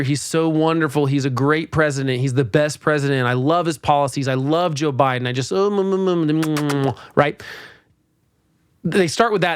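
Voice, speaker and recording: A man hosting a podcast, giving exasperated, animated political commentary with sarcastic mock quotes. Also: a little high, no room sound, studio quality. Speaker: podcast host.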